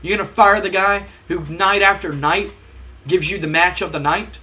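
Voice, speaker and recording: A cocky male pro wrestler , put on by a man, rants in a sharp, forceful voice pitched a touch high. He boasts and taunts with heat and defiance. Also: steady tone, moderate pace. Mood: taunting.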